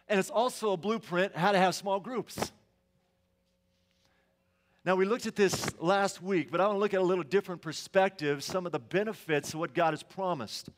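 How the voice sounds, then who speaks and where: A high-pitched middle-aged man preaches to his congregation in a church sanctuary. He mixes conversational stories with questions for the people listening.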